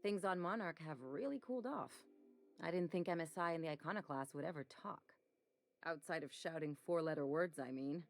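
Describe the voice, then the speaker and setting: A low, sarcastic ship medic. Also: female voice, fairly quick, faint music behind. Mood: wry. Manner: dry, sarcastic. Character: sardonic female ship medic, cynical. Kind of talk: video game voice acting.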